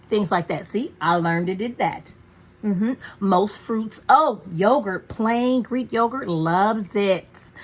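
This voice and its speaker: A woman vlogging from home in a frank, profane, chatty way about caring for her dog. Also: mid-range voice. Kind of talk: casual rambling chat.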